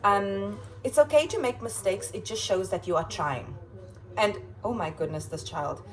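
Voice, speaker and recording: A woman schoolteacher chatting casually in her home kitchen as she reads out quotes and adds playful, expressive asides. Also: medium pitch, normal speed, poor audio. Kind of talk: casual vlog chat reading kids' quotes aloud.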